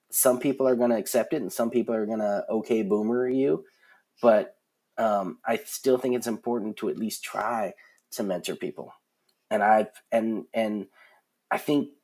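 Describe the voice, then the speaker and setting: A man in his forties, a concert production manager, tells stories as a podcast guest in a frank, rambling way, full of fillers and restarts. His voice is medium-pitched with a darkish tone, and the talk is casual interview storytelling.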